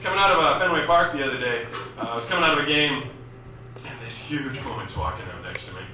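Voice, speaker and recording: A man's voice: mid-range voice, animated, quick pace. A young man from Massachusetts with a Boston accent doing a wry, self-mocking stand-up set in a small comedy club. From Massachusetts, USA. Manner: wry, self-mocking storytelling, loose and chatty. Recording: echoey club from a distant camera, audible noise.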